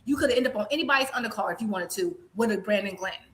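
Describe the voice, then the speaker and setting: A woman's voice: mid-range voice, racing. A woman co-hosting a boxing show, arguing her point insistently, repeating herself and talking over the others. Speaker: co-host of a boxing podcast. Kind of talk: heated casual debate.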